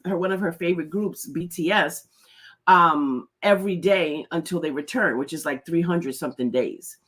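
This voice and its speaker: A woman's voice: on the low side, fairly bright tone, breathy edge. A middle-aged woman hosting a casual live stream, chatty and laughing often as she greets viewers by name. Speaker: host.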